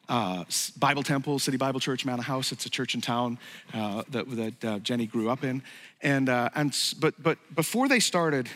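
A man's voice: medium pitch, a bit bright. A middle-aged man preaching a sermon as pastor, emphatic and building to raised peaks. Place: church sanctuary. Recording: long hall reverb.

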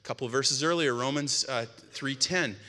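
A middle-aged man preaches in a relaxed, conversational way, slipping into lively re-enactments of his own reactions. His voice is bright and forceful. The sound carries a long reverb from the church hall. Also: medium pitch, moderate pace. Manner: casual, storytelling, animated quoting of himself. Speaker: guest preacher, church bassist. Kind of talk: conversational sermon with anecdotes. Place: church sanctuary. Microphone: stage microphone.

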